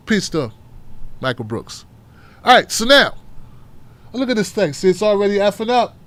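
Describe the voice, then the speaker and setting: A man's voice: high voice, big pitch swings, moderate pace, fairly bright tone, no room sound. A man from Tennessee with a Southern accent, hosting a political talk show in a blunt, profane, mocking style. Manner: fired up, rants with rhetorical questions. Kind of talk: casual livestream commentary.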